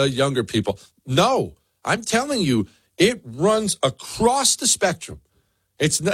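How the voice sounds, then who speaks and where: A man on talk radio, ranting with emphatic, swooping pitch. His voice is dry and close, recorded in a studio. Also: slightly rough, no echo. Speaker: radio talk show host. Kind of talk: opinionated monologue.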